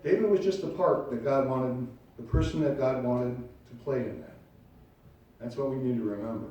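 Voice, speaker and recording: A man's voice: mid-range voice, moderate pace, dark tone. A man preaching a sermon as pastor, acting out little scenes as he tells stories. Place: church sanctuary. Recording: very echoey room, distant from the mic.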